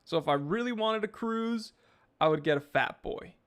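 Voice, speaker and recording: A man's voice: high voice, animated, moderate pace, fairly bright tone, clean tone. A man hosting a live stream, reading chat messages and answering in a laid-back, rambling way with lots of fillers.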